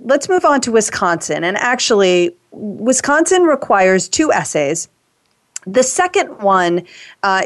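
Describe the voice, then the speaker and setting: Female radio host; brisk, organized, friendly. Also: lowish voice. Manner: upbeat, organized, gives segment cues. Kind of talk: hosting a talk show.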